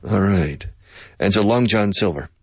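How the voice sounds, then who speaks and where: A man's voice: lowish voice, normal speed, breathy edge, dry recording, clean studio sound. A man from Texas, teaching English in a chatty, digressive way and laughing often. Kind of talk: language lesson with drills.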